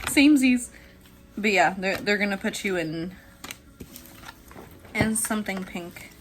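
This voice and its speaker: A woman giving a casual tarot reading who is excitable and jumps between hushed, low talk and squealing laughter. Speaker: tarot reader.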